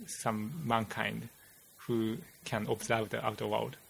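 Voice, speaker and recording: A man with a Japanese accent, a physicist guest explaining theory in casual chat, halting and searching for words. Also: fairly low pitch, flat delivery, gravelly, slight background noise. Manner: halting, many "you know" fillers, searching for words.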